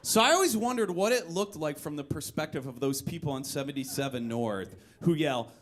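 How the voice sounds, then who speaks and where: A young man performing a live one-man comedy story on a club stage, animated, breaking into shouts and high-pitched voices for quoted people, with the audience laughing. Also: moderate pace. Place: live music venue stage.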